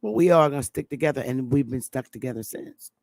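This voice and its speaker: A woman's voice: very deep voice, quick pace, creaky, a little mellow, no echo, studio quality. A woman from New England hosting a livestream, giving an impassioned monologue in a blunt, profane and emphatic way. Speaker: livestream host.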